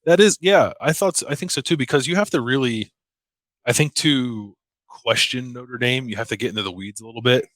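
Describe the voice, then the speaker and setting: A man co-hosting a casual sports podcast, chatty and quick to laugh, with lots of fillers. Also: medium pitch, fairly bright tone, dry recording. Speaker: podcast co-host.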